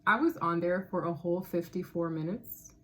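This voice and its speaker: A woman with a lower voice talks her way through a tarot spread in a relaxed, casual tone. She muses out loud and breaks into frequent laughs, with a faint hiss in the background. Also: normal speed. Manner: musing, thinks aloud, laughs often. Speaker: tarot reader. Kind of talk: casual tarot reading monologue.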